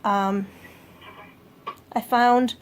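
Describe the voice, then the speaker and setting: A woman rambling casually through a home food diary vlog, often pausing with fillers and correcting herself. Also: fairly high pitch, fairly even intonation, slight background noise. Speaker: vlogger.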